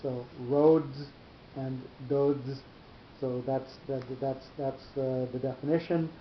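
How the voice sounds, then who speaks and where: Guy teaching bible reading marks, stops and repeats himself a lot, roomy echo, dull lo-fi sound, faint rumble. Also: flat delivery, slow. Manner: hesitant, repeats words often. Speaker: Torah teacher. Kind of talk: Bible class on cantillation marks.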